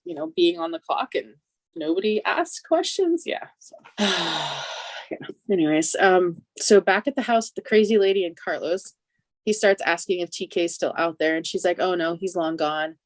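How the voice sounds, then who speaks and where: A woman recaps a TV episode in a loose, chatty way, laughing between lines. Her voice sits a little low for a woman. The sound is dry, with no room around it. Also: normal speed, dry recording. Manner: chatty, animated retelling with laughs. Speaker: podcast co-host.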